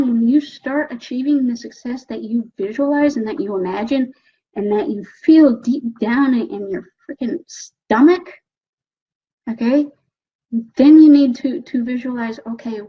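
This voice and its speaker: A woman giving a motivational talk as a coach, animated and often asking "okay?", voicing her own excited thoughts. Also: a little high, moderate pace, husky, highs cut off.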